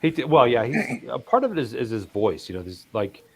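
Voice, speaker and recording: A man's voice: medium pitch, sing-song, a little fast, slightly rough. An American man in casual chat, rambling and trailing off with fillers.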